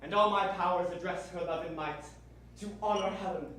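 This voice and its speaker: Brief: teen actor as an earnest young lover, slightly high voice, echoey stage from far off. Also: male voice, steady tone, fairly quick, slight background noise. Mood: resolute. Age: teens. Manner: earnest verse delivery, softening to intimate. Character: young lovestruck nobleman, ardent and earnest. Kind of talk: stage Shakespeare acting. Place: school theater stage. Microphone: distant room mic.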